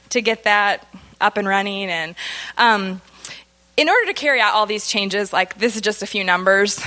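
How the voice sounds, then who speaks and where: A woman with a bright, clear voice addresses a church congregation about children's ministry. She talks in a chatty way, laughs easily and gets emotional. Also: mid-range voice. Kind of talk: church announcements. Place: church sanctuary.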